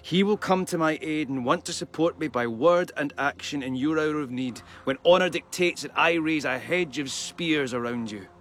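Man reading Beowulf, proud young warrior, formal and measured, slightly high voice, faint hiss behind. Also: fairly bright tone, lightly acted. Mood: solemn. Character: Beowulf, bold young warrior hero, solemn. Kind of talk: dramatic reading of epic verse.

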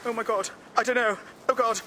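An actor playing a nervous, lovestruck young son in a stage comedy, stammering and flustered. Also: male voice, very high voice, fairly even intonation, a little fast, background noise. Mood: panicked.

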